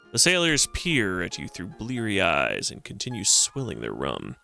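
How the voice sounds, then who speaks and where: Man, game streamer, jokey, gravelly, bright edge, slow and lively. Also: on the low side, soft background music. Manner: jokey, reads game text aloud. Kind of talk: casual game commentary.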